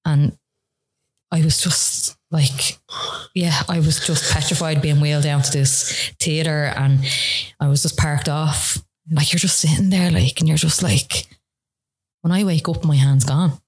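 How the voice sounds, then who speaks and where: A woman with a low, slightly rough voice speaks unhurriedly and with fairly even intonation. She's a guest on a podcast, tearfully and earnestly recounting a hard personal story, full of fillers and restarts.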